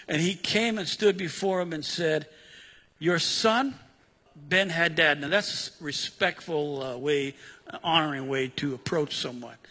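A man's voice: fairly high pitch, pushed and bright, husky. A man preaching a sermon in a conversational way, retelling scripture in casual everyday words. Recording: long hall reverb.

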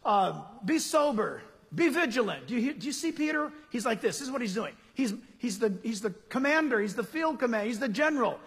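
A male pastor preaching a sermon in an animated, conversational way, full of rhetorical questions. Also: very high-pitched, fast, few pauses, husky. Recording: long hall reverb.

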